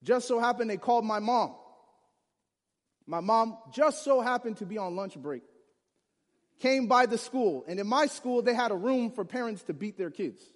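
A man from Chicago telling a humorous personal story to an audience, lively and acting out the people in it. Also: very high voice, moderate pace. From Chicago, USA. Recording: reverberant hall.

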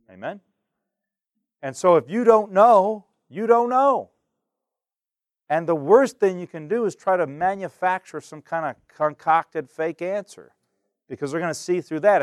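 Lively man teaching a Bible class. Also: a little high, no echo, studio quality. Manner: lively, acts out examples, asks the class questions. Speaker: Bible study instructor.

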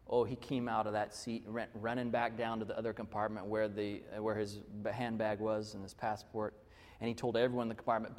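A man's voice: lowish voice, little pitch movement, a little fast, a little mellow. A male pastor preaching a conversational, story-led sermon full of restarts. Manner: conversational, with many restarts and fillers. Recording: long reverb of a large hall.

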